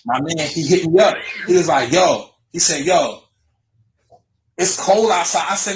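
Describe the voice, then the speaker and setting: A man's voice: a little high, a little slow. A man with a Virginia accent hosting a joking live chat, rambling and repeating his phrases in playful slang. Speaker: show host. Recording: faint background noise.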